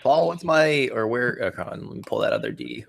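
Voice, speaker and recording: A man's voice: medium pitch, lively intonation, a little fast, gravelly, fairly bright tone. A man, a tabletop game player, chatting casually and joking with friends before a session. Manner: joking, laughs often. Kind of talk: casual chat. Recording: faint background noise.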